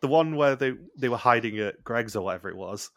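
A podcast co-host recaps a TV show in casual chat, being blunt and swearing freely. His medium-pitched voice is animated, fairly quick, and fairly bright. The sound is clean studio audio with no room sound.

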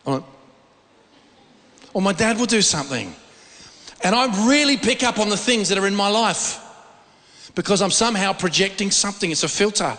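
High bright-voiced middle-aged man preaching. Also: animated, brisk. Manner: informal, repeats words while searching for phrasing. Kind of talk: conversational sermon. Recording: long reverb of a large hall.

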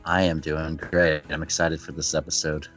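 A man co-hosting a horror podcast in casual chat, excitable and quick to laugh. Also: very deep voice, faint music behind. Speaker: podcast co-host.

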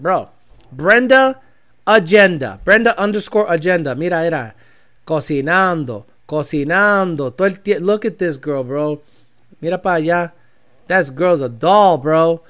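A man hosting a casual car talk rant, profane and animated, with bursts of Spanish mixed in. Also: high voice, moderate pace, faint music behind. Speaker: car tuner and show host.

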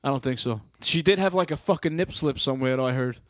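A man's voice: medium pitch, quick pace, fairly bright tone, no room sound. A man co-hosting a podcast, talking bluntly and crudely and teasing his friends. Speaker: podcast co-host. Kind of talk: casual crude banter.

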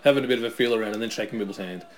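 A man's voice: lowish voice, rapid-fire. A man with an Australian accent, co-hosting a wrestling watch-along, chatting and calling the moves casually. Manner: chatty, calls the action, laughs along. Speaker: co-host.

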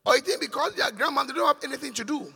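A man's voice: very high-pitched, expressive, racing, gravelly, sharp tone. An older man, a bishop preaching to his congregation, questioning and scolding them in call-and-response. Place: large church hall. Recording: long reverb of a church hall.

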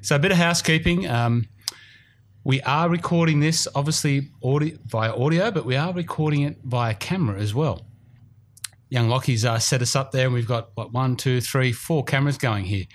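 A man's voice: mid-range voice, moderate pace, a little hiss or hum. A man with an Australian accent hosting a golf podcast in casual, rambling chat, a bit self-deprecating. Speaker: podcast host. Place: studio room.

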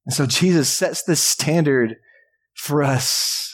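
Speaking slowly in a somewhat high voice, a pastor with a Texas accent keeps his sermon light and jokey inside the church sanctuary, playing out what people in the crowd might say in a chatty, conversational style.

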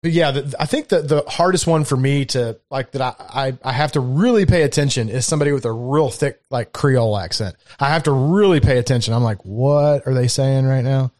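A man co-hosting a podcast in casual chat, animated and profane, often laughing. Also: mid-range voice, fairly quick, few pauses. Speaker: podcast co-host.

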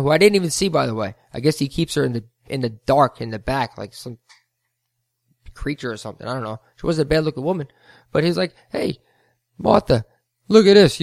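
A man's voice: mid-range voice, creaky, no echo, studio quality. A man hosting a podcast, telling a rambling story with heated asides. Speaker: podcast host, float center owner. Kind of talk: casual storytelling monologue.

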